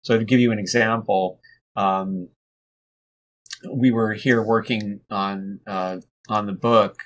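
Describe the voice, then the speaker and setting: Low-voiced male guest, rambling conversational storyteller, lots of restarts. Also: slow, slight background noise. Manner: relaxed, rambling, frequent restarts and fillers. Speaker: interview guest.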